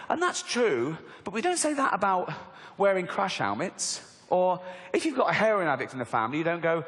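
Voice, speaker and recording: An English man in his forties doing a mocking, animated stand-up comedy routine on a theatre stage. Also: a little fast. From England. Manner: animated, mocking, slips into squeaky put-on voices. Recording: live hall with reverb and crowd.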